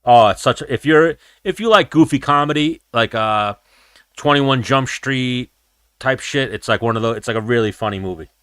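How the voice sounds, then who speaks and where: A man's voice: medium pitch, moderate pace, a bit bright, clear, resonant tone, no room sound, clean studio sound. A young man hosting a livestream, chatting loosely and rambling with a lot of profanity. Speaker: livestream host. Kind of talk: casual chat with live chat.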